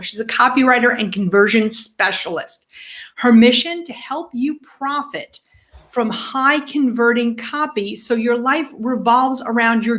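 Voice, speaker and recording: A woman's voice: on the high side, a bit bright. Playful woman co-hosting a live show. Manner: playful, joking asides. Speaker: podcast co-host. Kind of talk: lively live-show introduction. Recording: slightly echoey call audio.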